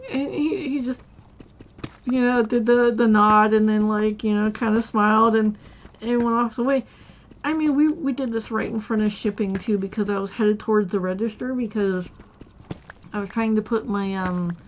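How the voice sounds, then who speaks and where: A woman streamer with a fairly high voice rambles through a story, restarting sentences and giggling between them. Her stream audio is a little muffled, with a faint hiss under it. It sounds like relaxed, casual chat during gameplay. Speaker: live streamer.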